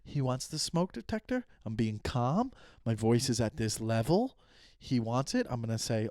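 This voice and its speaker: At a normal speed and in a mid-range voice, a man in his thirties runs a solo comedy podcast, recorded at studio quality with no room sound. Expect animated, profane, rambling rants where he acts out quoted exchanges.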